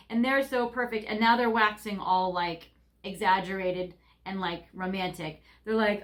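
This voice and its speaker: A woman's voice: medium pitch, fairly even intonation, normal speed, a bit bright. A woman giving a casual tarot card reading, chatty and rambling, with lots of fillers. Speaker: tarot reader.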